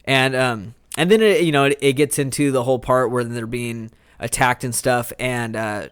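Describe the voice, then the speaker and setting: A man's voice: mid-range voice, normal speed, a bit bright, clean tone, dry recording, clean studio sound. A man co-hosting a casual movie review podcast, retelling scenes with acted-out quotes. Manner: rambling, acts out scenes with quoted voices. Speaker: podcast co-host.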